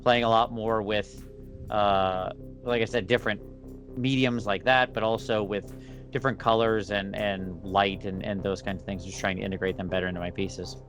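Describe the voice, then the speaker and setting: A man talking as a guest on a casual interview podcast, thoughtful and measured. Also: lowish voice, steady tone, a bit bright, faint music behind. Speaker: podcast guest, miniature painter.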